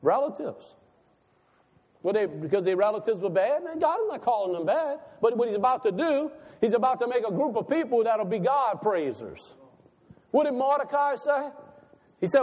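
A male pastor preaching a sermon with animated rhetorical questions and laughter between lines. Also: extremely high pitch, normal speed. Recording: long hall reverb.

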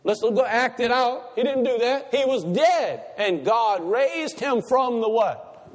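A man's voice: very high-pitched, expressive, slow pace. A man preaching a sermon to a congregation, asking them questions and repeating his points for emphasis. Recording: reverberant church hall.

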